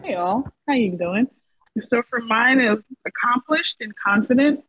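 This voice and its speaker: A participant on a group call, greeting everyone in a friendly, casual way and speaking slowly. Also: mid-range voice, expressive, husky, dry recording. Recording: tinny phone-like call audio.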